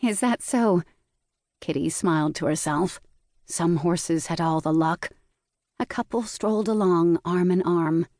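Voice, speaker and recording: Mellow-voiced woman narrating an audiobook. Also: fairly low pitch, steady tone, no room sound, studio quality. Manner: measured, storytelling. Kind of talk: scripted narration.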